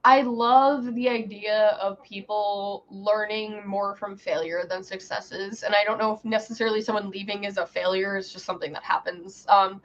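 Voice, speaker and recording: A woman hosting an interview, talking in a relaxed, thoughtful, casual way. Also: mid-range voice, moderate pace, few pauses. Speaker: podcast host. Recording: slightly dull, muffled audio.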